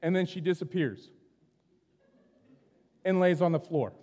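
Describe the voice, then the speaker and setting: A middle-aged pastor gives a sermon in a church sanctuary, his voice fairly high for a man, a little slow, and dark in tone. He speaks conversationally, telling stories and repeatedly asking "right?" to punctuate his points. Each phrase trails off into a long reverb in the hall.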